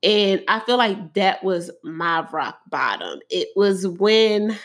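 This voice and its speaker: A woman's voice: mid-range voice, animated, slow. A woman talking to camera about her own hard times, earnest and emotional, with lots of casual fillers. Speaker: vlogger sharing personal story. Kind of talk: candid personal talk to camera.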